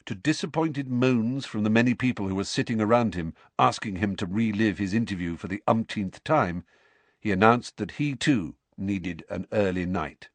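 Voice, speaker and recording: A man narrating a storybook with an expressive, measured reading. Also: lowish voice, no echo. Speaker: audiobook narrator.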